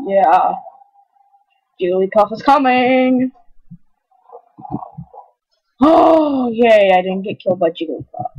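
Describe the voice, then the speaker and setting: A woman commenting on her own gameplay, excitable, yelping and crying out whenever something goes wrong. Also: medium pitch, slow, pauses often, husky. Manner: excitable, yelps and cries out at mishaps. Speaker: gaming channel host. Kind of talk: let's play commentary. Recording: dull lo-fi recording.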